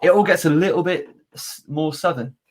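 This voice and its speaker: A podcast host from North Wales talks in a lively, slightly higher voice. He teases his guest playfully and often catches and fixes his own slips. The delivery is casual and conversational. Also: normal speed. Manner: animated, teasing, self-correcting. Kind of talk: casual interview chat.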